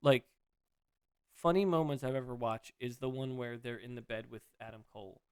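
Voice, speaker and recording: A man co-hosting a casual podcast, telling stories in an animated, rambling way. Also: mid-range voice, moderate pace, clear, resonant tone, no room sound, clean studio sound. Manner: animated, rambling, laughs at his own stories. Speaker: podcast co-host. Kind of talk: casual chat.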